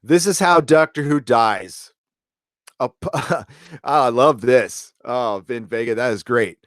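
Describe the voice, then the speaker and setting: A man's voice: mid-range voice, slow pace, no room sound, studio quality. A middle-aged American man hosting a livestream, ranting casually with profanity and lots of fillers, then reading out viewer chat. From United States. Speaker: livestream host.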